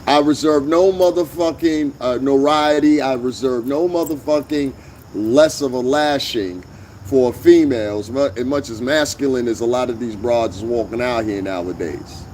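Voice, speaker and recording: There's slight background noise as a male vlog host tears into an opinionated rant, cursing hard and jabbing emphatically. His mid-range voice has a darkish tone and keeps a moderate pace.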